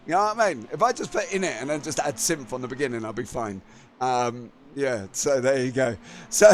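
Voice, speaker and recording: A man hosting a live sim racing stream, chatting with his viewers and laughing at himself, tired after a long day. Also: high voice. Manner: chatty, laughing, self-mocking. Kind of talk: live stream commentary and chat.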